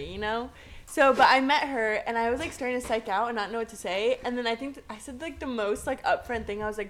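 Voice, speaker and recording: Bright fast-talking young woman. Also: fairly high pitch, steady tone. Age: young adult. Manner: quick and bubbly, quotes herself. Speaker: guest. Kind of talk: casual chat.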